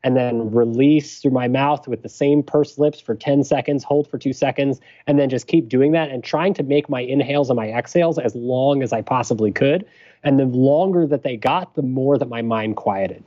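A man, a physician and podcast guest, explaining a breathing technique in a measured, thoughtful way. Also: medium pitch, warm tone, lo-fi sound. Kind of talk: explanatory interview talk.

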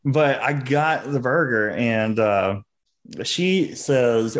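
A man's voice: mid-range voice, unhurried. A man co-hosting a casual podcast, telling crude stories with plenty of swearing. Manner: crude, swearing, lively storyteller. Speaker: podcast co-host. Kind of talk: casual storytelling chat.

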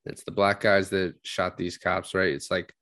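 In a dry recording, a man co-hosting a casual film podcast speaks in a low-pitched, fairly bright voice with flat delivery at a moderate pace. He rambles and swears freely while retelling scenes and acting out quotes.

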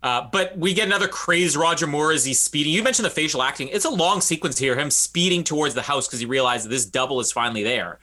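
A podcast co-host with a bright, fairly high-pitched voice chats casually about movies in a review format. He's animated, laughs often and slips into quick funny voices when quoting characters.

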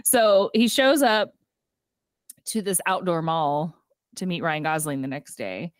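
A woman co-hosting a casual movie recap chat, giggly and animated as she retells scenes. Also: on the low side, unhurried, no echo, studio quality. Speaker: podcast co-host.

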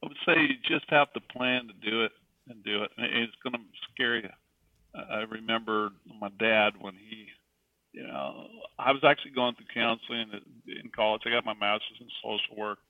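A man's voice: fairly low pitch, normal speed, dry recording. A middle-aged man, a guest telling a personal faith story in an earnest, emphatic way. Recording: distant, tinny phone-like sound.

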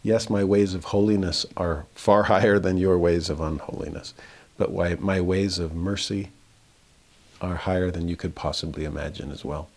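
A man teaching a verse-by-verse scripture lesson, reading passages slowly and then paraphrasing them with rising emphasis. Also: deep voice, fairly even intonation.

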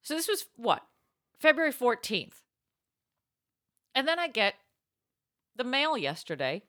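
A woman co-hosting a comedic casual chat, an animated storyteller who laughs often. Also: high-pitched, measured pace, pauses often.

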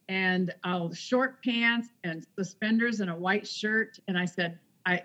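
A woman guest tells a personal story in an easy, conversational way. She acts out each quoted exchange as she goes. Her voice sits at a middling pitch, and the recording sounds a little dull and lo-fi. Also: fairly bright tone. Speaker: guest author. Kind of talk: casual storytelling interview.

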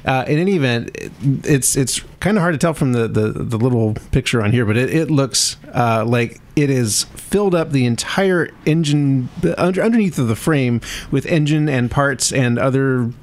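A man co-hosting a motorcycle podcast, talking about scooters in casual chat, halting, with many fillers. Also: mid-range voice, lively intonation, a little mellow. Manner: hesitant, many fillers and restarts. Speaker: podcast co-host.

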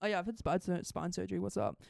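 A young woman in her twenties, co-hosting a casual podcast and telling excitable stories while laughing often. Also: on the low side, quick pace, gravelly, no room sound, studio quality. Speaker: podcast co-host. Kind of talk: casual chat.

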